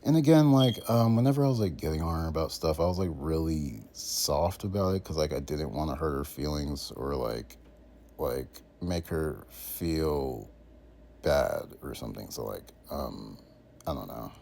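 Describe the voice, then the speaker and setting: A man's voice: very deep voice, animated, moderate pace, gravelly, darkish tone, a little hiss or hum. A man in his twenties casually rambling in a monologue, full of fillers and slang. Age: 20s. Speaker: content creator.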